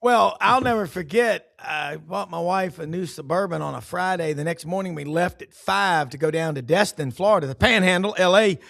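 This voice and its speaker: A middle-aged man hosting a casual sports talk show, folksy and quick to agree. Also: high voice, gravelly, a bit bright, dry recording, clean studio sound. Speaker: show host.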